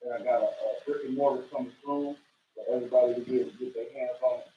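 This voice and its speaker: A man's voice: medium pitch, steady tone, fast talker, a little hiss or hum. A man from Omaha speaking as a chef guest on a radio show, earnest and repetitive, stretching words out for emphasis. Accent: Omaha, Nebraska. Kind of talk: casual radio chat. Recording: roomy, distant and dull-sounding mic.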